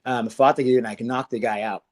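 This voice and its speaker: A man's voice: mid-range voice, fairly even intonation, quick pace. Laid-back slangy man in his forties. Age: 40s. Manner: laid-back slangy storyteller, laughs often, acts out quotes. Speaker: guest fighter. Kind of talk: casual storytelling interview.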